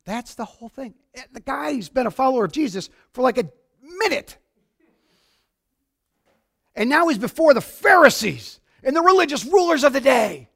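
Excitable high-voiced male preacher. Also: normal speed, creaky. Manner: excitable, shouts then drops to quiet. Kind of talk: sermon. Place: church sanctuary.

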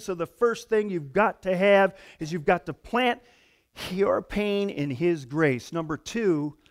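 A middle-aged man preaching a sermon in a conversational, animated way, going from hushed asides to loud outbursts. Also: sits high, takes it slowly. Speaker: pastor.

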